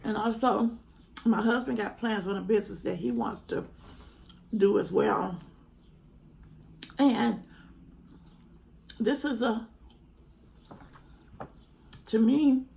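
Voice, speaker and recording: A woman's voice: on the high side, slow, gravelly, long pauses, darkish tone, rough recording. A young woman, earnestly and chattily talking to camera at home in a vlog. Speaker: mukbang vlogger. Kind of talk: casual heartfelt chat to camera.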